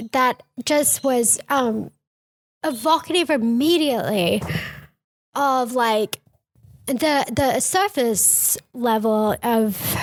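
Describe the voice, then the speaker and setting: Fired-up lady cohost, trips on her words a lot, highish voice, slow talker. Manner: heated, stammering restarts. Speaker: podcast co-host. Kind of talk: casual political chat.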